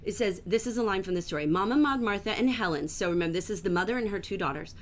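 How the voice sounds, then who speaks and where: A woman's voice: mid-range voice, slight background noise. Enthusiastic woman teaching a literature class. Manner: enthusiastic, gently emphatic, reads passages aloud slowly.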